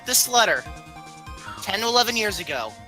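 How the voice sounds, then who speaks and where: A woman's voice: medium pitch, very animated, normal speed, sharp tone, faint music behind. A woman player in a tabletop game, questioning eagerly and pushily, partly in character.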